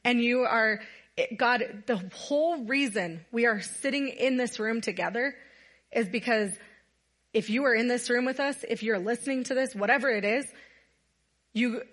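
A woman's voice: a little high, a bit bright. A woman giving a casual, earnest sermon to a gathered audience, telling a Bible story conversationally. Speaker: women's night speaker.

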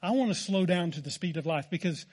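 High-voiced folksy American pastor. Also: male voice, fast, husky. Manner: folksy storytelling, self-deprecating humor. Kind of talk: sermon.

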